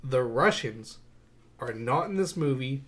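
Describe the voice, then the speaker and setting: A young man co-hosting a podcast, chatting casually about movies with a wry, sarcastic, animated delivery. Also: medium pitch, a little slow. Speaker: podcast co-host. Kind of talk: casual movie-review chat.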